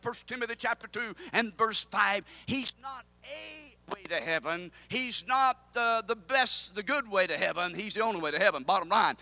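A pastor preaching a sermon, urging his congregation on, swinging between quiet asides and near-shouted calls. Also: high voice, no echo. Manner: impassioned preaching, rising to a near-shout, with call-and-response.

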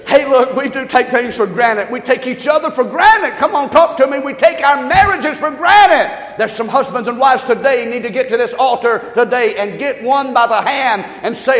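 A middle-aged male pastor preaching a sermon in a church, impassioned, swinging between shouts and low asides and jokes. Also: animated, normal speed, few pauses. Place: church sanctuary. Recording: echoey church hall.

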